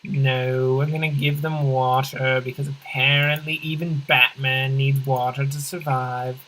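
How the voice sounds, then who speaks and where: Bright-voiced rambling deadpan game commentator. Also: unhurried, poor audio. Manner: rambling deadpan absurd humor, often correcting themself; swings in pitch and pace for comic emphasis. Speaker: let's play commentator. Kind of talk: casual gameplay commentary.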